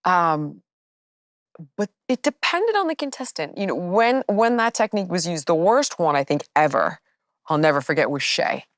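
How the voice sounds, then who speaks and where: A woman's voice: lowish voice, big pitch swings, moderate pace, no echo, studio quality. A middle-aged woman fitness trainer hosting a candid chat, blunt and emphatic.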